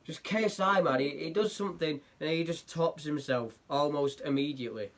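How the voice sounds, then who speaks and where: A man's voice: a little high, normal speed, a bit bright. A young man hosting a casual online news roundup, blunt and sarcastic in his remarks. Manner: blunt, sarcastic, mocking impressions. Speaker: news show host.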